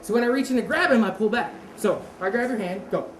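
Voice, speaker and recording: A fast-talking woman with a voice on the high side leads a martial arts seminar casually. She quizzes her class and corrects herself, and the audio has a roomy echo with constant background noise.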